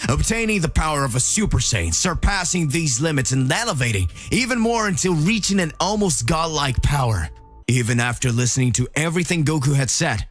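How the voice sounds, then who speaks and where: A man narrating a dramatic fan-made story. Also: on the high side.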